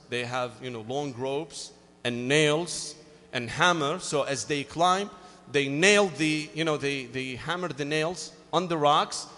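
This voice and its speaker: A man's voice: on the high side, big-room sound. A man who speaks English as a second language, preaching a sermon as he tells a story with lots of "you know" fillers. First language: Arabic. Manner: animated, acts out both sides of a dialogue, frequent "you know" fillers.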